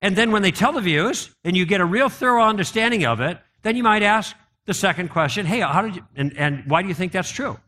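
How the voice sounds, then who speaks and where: A man's voice: high-pitched, lively intonation, brisk, few pauses, bright, forceful tone, slight background noise. A man giving a conversational apologetics talk to a live audience, often asking them questions. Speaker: apologetics speaker.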